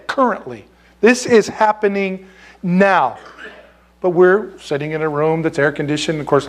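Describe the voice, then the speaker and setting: A man preaching a blunt, impassioned sermon, full of rhetorical questions, in an air-conditioned church. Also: sits high. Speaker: pastor.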